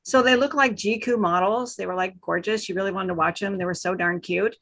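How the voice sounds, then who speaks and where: A woman coach talks on a video call with lively emphasis, slowing right down and speeding up to demonstrate how speakers lose a crowd. Her voice sits at a middle pitch. The sound is close and dry. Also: dry recording, low-quality recording. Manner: animated, acts out speaking styles, shifts between slow and fast. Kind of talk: panel talk with advice.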